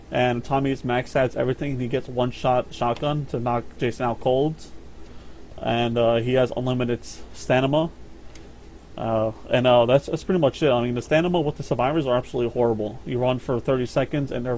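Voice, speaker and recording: A man's voice: medium pitch, a little mellow. A man talks through a gameplay breakdown in a loose, rambling podcast style. He swears freely and stumbles over his words, with a faint hiss behind his voice. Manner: rambling, profane, repeats words. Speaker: podcast host. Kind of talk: casual gaming chat.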